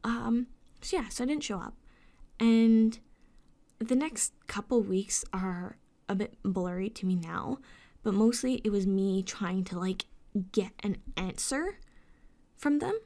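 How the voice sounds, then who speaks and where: A woman's voice: medium pitch, animated, slow, warm tone. A young woman telling an upsetting story as a vlogger. She vents, swears a lot and often drops into a whisper. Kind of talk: emotional storytime rant.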